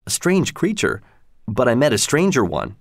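A seasoned space explorer played by a man narrating talks the others through his discovery with patient earnestness. His mid-range voice stays steady and plain. The recording is dry and close. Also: medium pitch, moderate pace, no echo. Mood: musing. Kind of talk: audiobook character voice.

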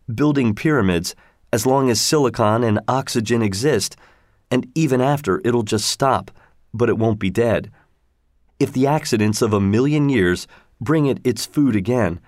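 A seasoned space explorer played by a man narrating talks the others through his discovery with patient earnestness. His mid-range voice stays steady and plain. The recording is dry and close. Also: mid-range voice, no room sound, natural voice. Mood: musing. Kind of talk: audiobook character voice.

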